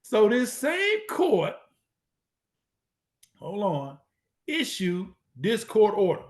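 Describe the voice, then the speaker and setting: A man giving an emphatic lecture, repeating phrases for emphasis, with a casual, slangy, drawn-out delivery. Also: sits high, wildly swooping pitch. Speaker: speaker presenting to an online audience. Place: at a computer, sharing his screen.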